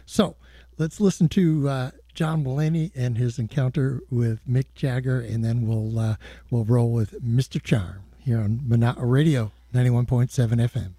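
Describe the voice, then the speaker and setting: A male radio host introducing a track, relaxed, with fillers between phrases. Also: mid-range voice, normal speed, breathy edge, dry recording. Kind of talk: radio announcing.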